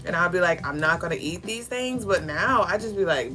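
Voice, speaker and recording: A young woman with a slightly low voice chats loosely on a livestream, dropping slang and casual swears between laughs. Music plays clearly in the background throughout. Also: expressive, fairly quick, few pauses, bright, forceful tone. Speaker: livestream co-host. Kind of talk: casual live-stream chat reading comments. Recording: music playing clearly behind.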